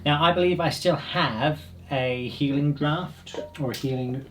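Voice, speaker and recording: A man's voice: on the high side, a little slow, a bit bright, recorded from a distance, a little hiss or hum. A man with a slightly raised voice tells his character's fight blow by blow in a tabletop game. He talks animatedly, repeats himself and adds little sound effects. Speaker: player.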